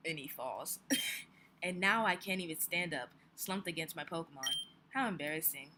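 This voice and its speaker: A woman's voice: low voice, moderate pace, noisy background. A woman hosting a let's play, joking and swearing casually while commenting on the game. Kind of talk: casual gameplay commentary and reading dialogue. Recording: loud game music underneath.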